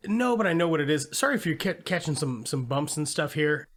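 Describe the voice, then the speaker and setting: A man with a slightly higher voice recaps a film plot in a loose, profane way. He jumps into quick impressions of the characters as he goes. It sounds like an easygoing chat between friends about movies. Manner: animated retelling with acted-out quotes and swearing. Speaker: podcast co-host. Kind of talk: casual movie review chat.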